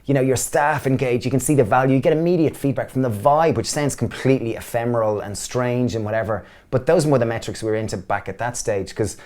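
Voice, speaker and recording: Irish man, 30s, rapid animated storyteller, interview guest. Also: medium pitch. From Ireland. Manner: enthusiastic storyteller, acts out voices. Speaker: guest, business co-founder. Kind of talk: casual interview chat.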